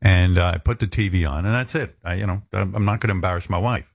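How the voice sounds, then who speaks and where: Male radio host, low voice, dry studio sound, chatty animated storyteller. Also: quick pace, gravelly, no room sound. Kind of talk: casual on-air chat and storytelling.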